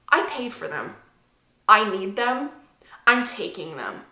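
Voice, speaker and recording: A woman's voice: mid-range voice, big pitch swings, slow pace, bright, forceful tone, echoey room. A woman vlogging an indignant, emphatic personal rant to camera, often repeating herself.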